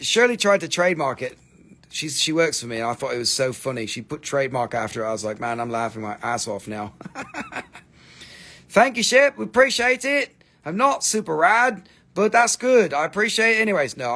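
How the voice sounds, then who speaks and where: A man with an American accent hosting a live crystal sale, chatting loosely and cracking profane jokes. His voice sits a touch high with a gravelly fry. He rambles along as he shows off each piece. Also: a bit bright. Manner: joking, profane, rambling while showing stones. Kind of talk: casual live-stream sales chat.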